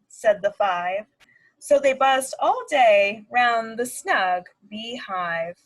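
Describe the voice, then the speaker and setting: A woman speech therapist reading a picture book aloud to preschoolers, animated and sing-song, making animal sounds. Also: mid-range voice, slow pace, low-quality recording. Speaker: speech-language pathologist. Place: at home.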